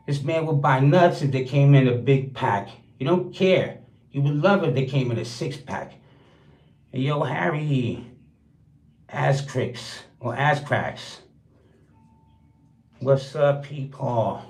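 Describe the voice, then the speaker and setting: A man's voice: medium pitch, animated, slow pace, a little mellow. A man hosting his own livestream, rapping a crude, boastful freestyle roast in a rhythmic, rhyming flow. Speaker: livestream host. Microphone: streaming setup. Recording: roomy echo.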